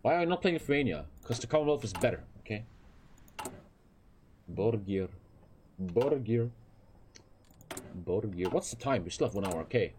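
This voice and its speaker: A man's voice: mid-range voice, big pitch swings, racing, hardly any pauses, darkish tone, slight background noise. Rambling, swearing young male streamer. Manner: rambling, profane, with filler phrases. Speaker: game streamer. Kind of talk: casual livestream chat while gaming.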